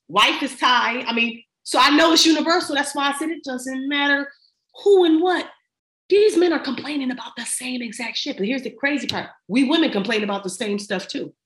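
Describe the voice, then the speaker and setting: A woman's voice: on the high side, fairly bright tone. A middle-aged woman talking as a podcast guest in casual chat, emphatic and slangy as she gives advice. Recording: roomy echo.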